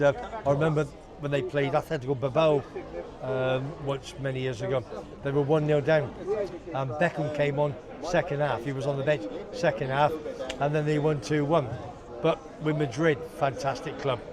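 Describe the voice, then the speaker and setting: A man chatting as a guest on a live show, rambling with lots of fillers and restarts, with a lingering cough. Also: on the high side. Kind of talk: casual banter on a livestream. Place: outdoors at a busy bar. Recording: outdoor livestream with crowd noise. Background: crowd chatter.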